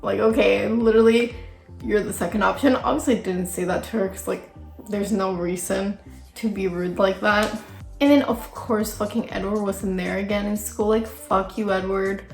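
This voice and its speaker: A young woman tells a casual storytime with a chatty, gossipy flow, dropping "like" constantly. Her voice has a gravelly fry, and the room rings with echo while faint music plays underneath. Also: medium pitch, steady tone, normal speed, darkish tone. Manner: chatty, filler-heavy, gossipy with frequent "like". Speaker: vlogger.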